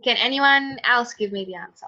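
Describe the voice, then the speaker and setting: A woman's voice: on the high side, moderate pace, pushed and bright. A woman teaching a chemistry class online, patiently calling on students by name. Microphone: computer mic on a video call. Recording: dull lo-fi online call audio.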